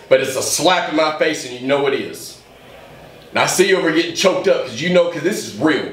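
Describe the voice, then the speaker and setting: A man's voice: fairly high pitch, lively intonation, brisk, fairly bright tone, far from the mic. A man, a pro wrestler, giving an intense promo interview that grows heated. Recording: roomy echo, voice off-mic.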